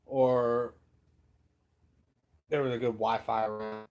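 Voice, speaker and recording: A man chats on his own live stream in a relaxed, folksy ramble. He takes his time over every phrase, in an average-pitched voice. His talk stays loose and conversational, as if thinking aloud. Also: slow, a little hiss or hum. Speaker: livestream host. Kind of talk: casual live-stream chat.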